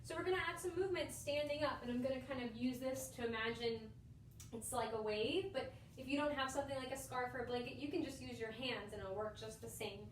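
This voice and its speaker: High-voiced woman guiding kids' yoga. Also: slight background noise. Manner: calm, encouraging, slows down to guide breathing. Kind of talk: gentle guided instruction for children. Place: indoor room with a yoga mat. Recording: echoey room, voice a bit far from the mic.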